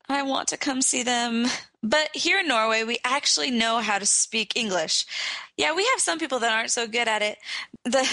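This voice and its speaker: A woman co-hosting a casual podcast, reading listener emails aloud in a lively, expressive way. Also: fairly high pitch, brisk, no room sound.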